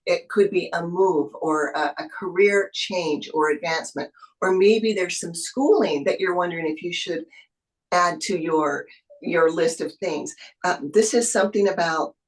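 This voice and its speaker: A woman's voice: lowish voice, low-quality recording. A woman tarot reader giving an intuitive reading over a video call, soothing and encouraging, with spiritual phrasing.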